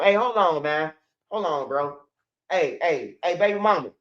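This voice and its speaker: High bright-voiced man ranting. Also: animated, normal speed, muffled recording. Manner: loose, blunt, profane rant with repeats and mock rapping. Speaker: commentary channel host. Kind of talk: casual street news commentary.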